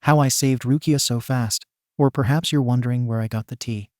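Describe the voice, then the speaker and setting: A man's voice: medium pitch, steady tone, fairly quick, a little mellow, no echo, clean studio sound, close to an everyday voice. A man voicing a brash, cocky teenage boy swordsman in a fan story reading, teasing in tone.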